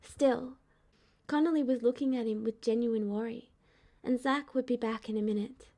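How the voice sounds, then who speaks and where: A woman narrates a story aloud in a calm, steady read. Her voice is mellow and warm, set a little high for a woman. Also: normal speed. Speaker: fan audiobook reader. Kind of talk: audiobook narration.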